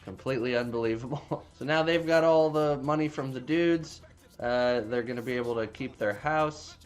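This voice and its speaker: A man's voice: medium pitch, moderate pace, soft background music. A man casually recapping a movie plot, rambling with frequent restarts and plenty of swearing. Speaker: movie reviewer.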